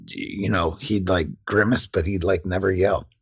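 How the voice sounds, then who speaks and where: A man's voice: low voice, normal speed, breathy edge, no echo. A man, a podcast co-host and Marine veteran, telling profane stories in casual chat. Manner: profane, animated storyteller, laughs often. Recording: dull, dry lo-fi sound.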